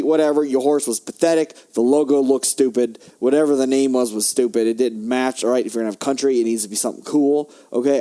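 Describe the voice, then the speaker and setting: Young man, podcast host, profane rant, dark mellow voice. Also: medium pitch. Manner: heated, profane, swings between shouting and muttering. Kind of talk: ranting podcast monologue.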